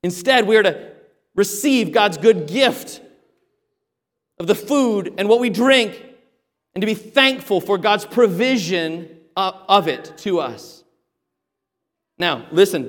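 A man preaching a sermon as pastor, emphatic, with sudden loud exhortations. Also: high-pitched, long reverb tail.

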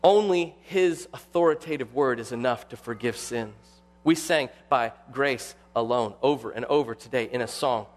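A male pastor preaching a sermon with animated delivery, acting out quoted voices. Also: medium pitch, moderate pace, big-room sound.

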